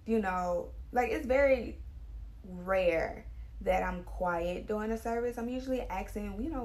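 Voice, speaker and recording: Here a hairstylist who owns a salon talks in a mid-range, creaky voice. Her casual monologue is chatty, lively and emphatic, with dialect grammar throughout.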